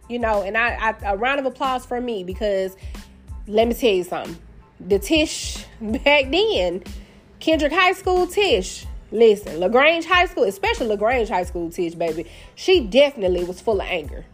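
A woman hosts a podcast, chatting in a candid, sassy way. Her voice sits a little high, with faint music behind her. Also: lively intonation, moderate pace. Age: 30s. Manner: candid and sassy, addresses listeners as y'all and baby. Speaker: podcast host. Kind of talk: casual storytelling monologue.

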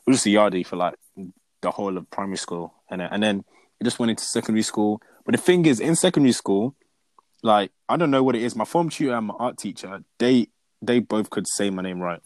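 Young brummie guy chatting, lowish voice, animated, trips over repeated words, dry close sound. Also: quick pace, no echo. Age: young adult. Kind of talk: casual chat.

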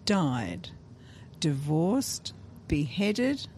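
A woman's voice: low voice, sing-song, very slow, a little mellow, slight background noise. An older woman, a guest chatting casually and laughing easily on a podcast. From Australia. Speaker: podcast guest, host's mother-in-law. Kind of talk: casual chat.

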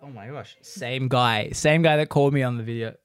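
Australian male podcast host, easygoing chat, laughs a lot, mid pitch. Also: clear, resonant tone, soft background music. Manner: laughs often, tells stories in quick bursts. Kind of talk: casual chat.

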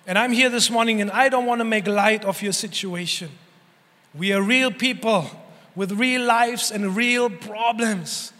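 A pastor, a man with a high, bright voice, preaching with earnest emphasis and repeated phrases. He voices prayers as he speaks. His sermon rings out with a long reverb in a church hall. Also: a little slow.

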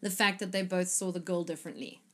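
A woman in casual chat about a film, animated, acting out lines from scenes, with frequent fillers and some swearing. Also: fairly low pitch, quick pace.

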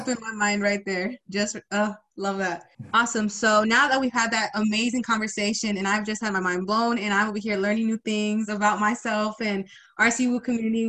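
A woman's voice: mid-range voice, a bit bright. A young woman hosting a podcast, upbeat and chatty, with lots of fillers. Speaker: podcast host.

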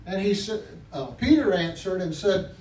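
A man's voice: high voice, expressive, moderate pace, a little mellow. A man preaching as pastor, praying and telling a story fervently, often repeating praise words and restarting phrases. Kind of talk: sermon with spoken prayer. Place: church sanctuary. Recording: echoey room, far from mic, faint background noise.

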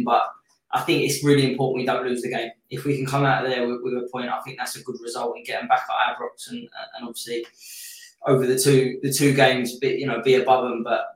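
A Scottish man, a podcast guest, talking in a relaxed, easygoing way. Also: mid-range voice. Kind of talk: casual football podcast chat. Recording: roomy, distant from the mic.

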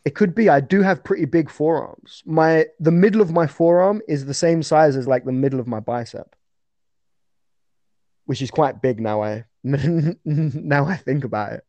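A man's voice: a little high, moderate pace, dark tone, no echo, muffled recording. A young man talking casually as an interview guest about his fights, rambling with fillers and restarts.

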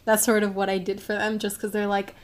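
Young woman guest, chill chatty vibe, normal pitch. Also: monotone, a little fast. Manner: easygoing, chatty storytelling. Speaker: podcast guest. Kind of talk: casual chat.

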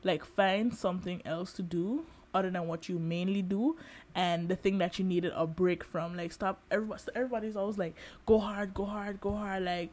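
A young woman in her twenties hosting a podcast, talking candidly in a personal monologue, with lots of fillers and animated emphasis. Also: fairly low pitch, fairly quick. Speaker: podcast host.

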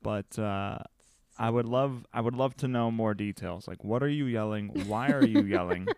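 Guy cohosting a podcast, loud and blunt, dry close mic. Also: on the low side, normal speed, creaky, clear, resonant tone, no echo. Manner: loud, animated, matter-of-fact. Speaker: podcast co-host. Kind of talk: casual chat.

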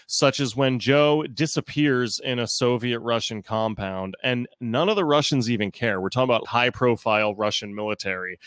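A man co-hosting a casual podcast, thinking aloud in an animated way with quoted asides. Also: medium pitch, no echo. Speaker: podcast co-host.

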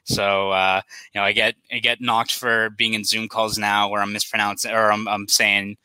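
A man's voice: fairly low pitch, level tone, moderate pace, bright, forceful tone, smooth, dry recording, poor audio. A young man from South Boston with a Boston accent, a sports reporter chatting casually as a podcast guest, rambling with lots of "like" fillers. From South Boston, USA.

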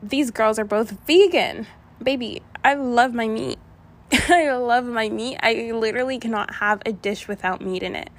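Speaking at an ordinary pace in a fairly high voice, a young female vlogger chats casually through a storytime for her viewers. She wanders off on asides and keeps restarting.

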